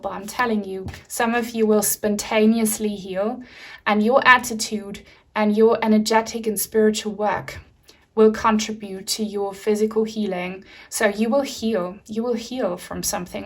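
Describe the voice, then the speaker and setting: A woman doing a pick-a-card tarot reading, talking gently and earnestly, with soft fillers and frequent restarts. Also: medium pitch. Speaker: tarot reader.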